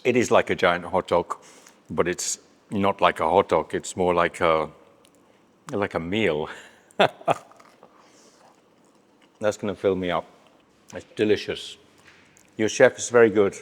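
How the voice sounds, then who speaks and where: A man's voice: low voice, unhurried, pauses often. A man hosting a casual travel food vlog outdoors at a street stall, chatty and cheerful, laughing often and talking while he eats. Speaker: travel vlogger.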